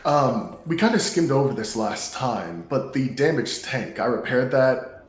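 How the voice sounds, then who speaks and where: A man's voice: mid-range voice, lively intonation, a little slow. A man playing a tabletop game, chatting casually and joking with the group. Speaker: player. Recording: roomy echo.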